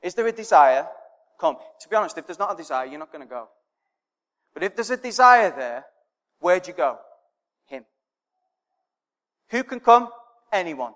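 A high-voiced man delivers a sermon, hammering home points with repeated phrases and questions he answers himself. His voice rings out in a hall with a long reverb trailing behind each line. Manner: emphatic, rhetorical questions and repetition, swelling then dropping to near quiet. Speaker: preacher.

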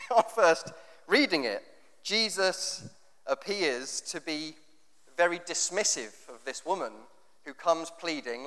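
A man preaching a sermon, reading scripture and explaining it in a conversational, animated way. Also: fairly high pitch. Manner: conversational, animated with rhetorical questions. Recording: long reverb of a hall.

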